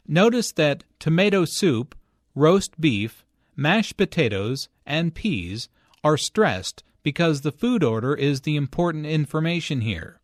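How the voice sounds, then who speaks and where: A man reads an English lesson script, each word spoken slowly and clearly. His voice sits a little high, and the recording is dry and close with no room sound. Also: no room sound. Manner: slow, clear, even delivery. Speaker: English teacher.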